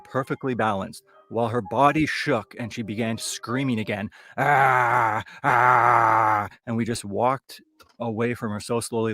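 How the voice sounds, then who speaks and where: Brief: comedian, male, from Toronto, lowish voice, conversational ghost-story telling. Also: dry recording. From Toronto area, Canada. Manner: conversational, loose, building suspense. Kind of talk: live comic storytelling.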